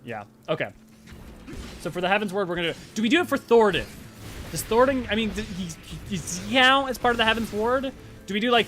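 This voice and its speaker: A man streaming a game, rambling and joking casually while he plays and chats. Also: high-pitched. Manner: animated, rambling, jokey. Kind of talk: casual let's-play commentary.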